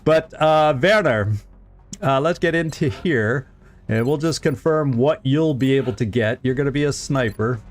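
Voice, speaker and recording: A man in a mid-pitched voice streams a strategy game and chats easily with his viewers. He chuckles often and trips over repeated words as he thinks aloud. Faint music plays in the background. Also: normal speed. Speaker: gaming streamer. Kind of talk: casual let's-play commentary.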